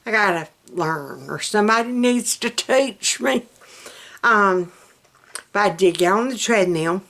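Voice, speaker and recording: A woman's voice: mid-range voice, expressive, a little slow, a bit bright. A middle-aged woman from central Alabama with a Southern accent, rambling folksily in a casual vlog chat and laughing often. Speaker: vlogger.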